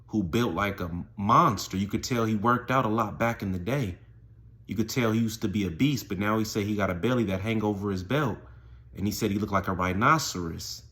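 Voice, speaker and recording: A man tells a prison story in casual street slang. His voice sits low and gets more and more animated as the story builds. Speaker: storyteller vlogger.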